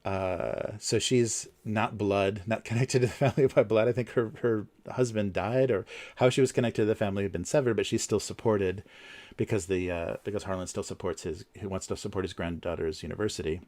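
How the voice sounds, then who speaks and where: A man's voice: fairly low pitch, steady tone, fairly quick, a little mellow. A man hosting a casual livestream, talking in a rambling way with many fillers and restarts. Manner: chuckles between points. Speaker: livestream host.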